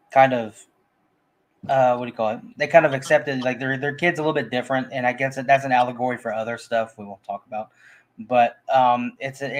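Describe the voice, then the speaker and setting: Rambling man chatting about movies. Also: medium pitch. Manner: rambling, many restarts and fillers. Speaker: movie podcast co-host. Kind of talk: casual film discussion.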